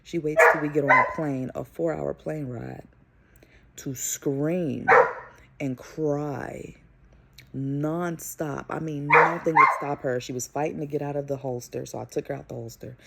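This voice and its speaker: A young woman and mother telling a story to camera in a casual, animated, profane way. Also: low-pitched, measured pace, vocal fry, very noisy. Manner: animated, profane, emphatic retelling. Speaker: vlogger and mother.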